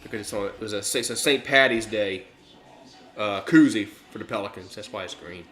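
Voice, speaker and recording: A man's voice: fairly low pitch, brisk, fairly bright tone, roomy sound, soft background music. A man hosting a live stream, giving casual, rambling play-by-play commentary with lots of fillers and restarts.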